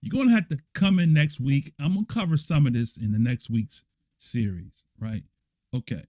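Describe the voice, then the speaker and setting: A man's voice: mid-range voice, moderate pace, mellow, no echo. A man, a church elder, giving a livestreamed scripture lesson and answering viewer comments in a blunt, emphatic way, repeating points and checking in with "right?".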